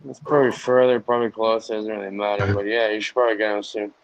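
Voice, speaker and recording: A man's voice: fairly low pitch, level tone, quick pace, lo-fi sound. A man in a casual group chat on a livestream, talking in a loose, rambling way with lots of fillers.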